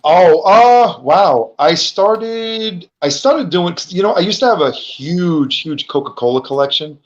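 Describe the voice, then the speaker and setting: A man's voice: high-pitched, lively intonation, unhurried. A man, a guest chatting casually on a podcast, rambling with lots of stammered repeats. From New York. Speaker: guest, comic book street seller. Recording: dull lo-fi sound.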